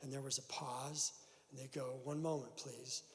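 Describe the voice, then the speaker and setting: A man's voice: medium pitch, level tone, normal speed. A man telling a personal story at a recovery meeting in a church hall, acting out the voices of the people in it. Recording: long hall reverb.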